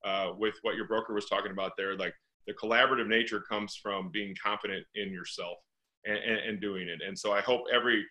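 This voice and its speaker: Middle-aged man from St. Louis, crisp bright tone, earnest, rhetorical questions, interview guest. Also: lowish voice, steady tone, brisk, poor audio. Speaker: guest, real estate investor. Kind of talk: conversational interview.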